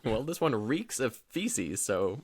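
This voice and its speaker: Male co-host, quick wisecracks, extremely bouncy intonation. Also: medium pitch, big pitch swings, slightly rough, dry recording. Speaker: podcast co-host. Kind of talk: casual comedy chat.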